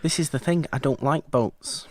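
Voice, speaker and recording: A man's voice: mid-range voice, normal speed. A man co-hosting a podcast about films, chatting casually in a rambling, wry way with many self-corrections. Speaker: podcast co-host. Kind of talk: casual film chat.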